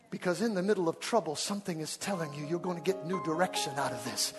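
A man's voice: a little high, fast talker, few pauses, big-room sound, over music. A man preaching a sermon in a church, with an emphatic, repetitive cadence.

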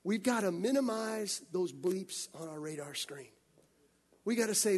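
High-voiced, husky male preacher. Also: a little slow. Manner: animated storytelling, acting out scenes. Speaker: pastor. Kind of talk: sermon.

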